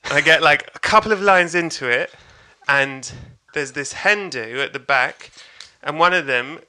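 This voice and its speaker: A man's voice: on the high side, moderate pace, pushed and bright, clean tone. A man, a comedian, telling a story in casual chat, laughing often and acting out voices. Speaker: stand-up comedian guest.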